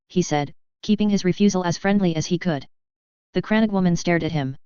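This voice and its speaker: A woman reads a fantasy fan fiction story in an even, steady voice. Her tone is very smooth and fairly low. The recording is dry and slightly lo-fi. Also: fairly quick, dry recording. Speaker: narrator. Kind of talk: fan fiction read aloud.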